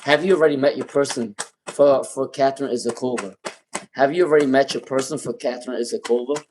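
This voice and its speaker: A man reads tarot cards live for his viewers in an easygoing, chatty way. He keeps repeating viewers' names and questions as he works through the chat. His voice sits at an ordinary middle pitch. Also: fast talker, darkish tone, slight background noise. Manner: casual, repeats names and questions, laughs often while reading chat. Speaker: tarot reader. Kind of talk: live-stream tarot readings.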